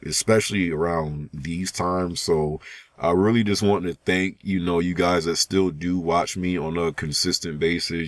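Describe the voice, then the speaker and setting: A young YouTuber with a very low voice talks to his viewers in a loose, slangy ramble full of fillers and restarts. He sounds sleepy. The sound is dry, with no room echo. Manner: laid-back slangy talk. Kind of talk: casual vlog talk to viewers.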